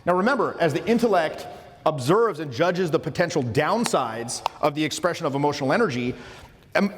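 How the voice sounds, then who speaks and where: A man coaching social skills in a casual lecture, emphatic and informal, often restarting his phrases. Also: a little high. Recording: long reverberant room sound.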